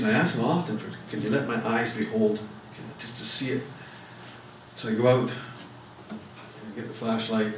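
A man's voice: lowish voice, steady tone, fairly quick, fairly bright tone, far from the mic, a little hiss or hum. A man preaching a sermon as pastor, telling personal stories in a folksy, emphatic way. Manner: folksy storytelling, emphatic rises on key words. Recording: echoey room mic'd from afar.

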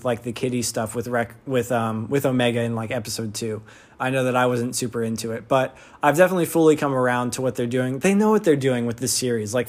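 A man with a mid-range voice reviews a TV episode in a casual, rambling way, full of fillers and restarts. He comes across as an enthusiastic fan.

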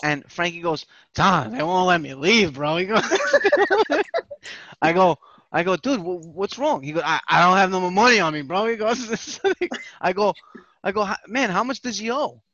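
A man's voice: high voice, brisk, pushed and bright, no room sound, dull audio. A man telling a story with animation on a casual podcast chat, swearing and repeating himself. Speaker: podcast host.

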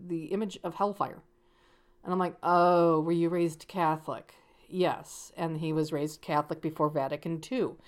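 A woman with a slightly low voice talks casually about her work as a psychic medium. She tells the story in a loose, conversational way, restarting sentences and acting out the dialogue.

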